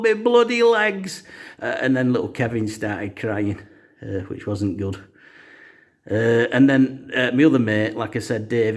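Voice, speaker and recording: A man's voice: lowish voice, darkish tone. A man telling a comic story in a casual, rambling way, full of "uh" fillers. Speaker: storyteller host.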